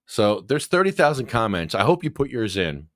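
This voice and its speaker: A male show host in casual livestream commentary, talking back to what he reads in an animated way. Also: mid-range voice, normal speed, no echo, clean studio sound.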